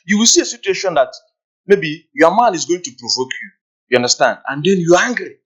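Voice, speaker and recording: A man's voice: fairly high pitch, animated, brisk, a bit bright, muffled recording. A man talking on a podcast panel, acting out little scenes and often checking "you understand?". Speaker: podcast guest. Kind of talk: casual panel discussion.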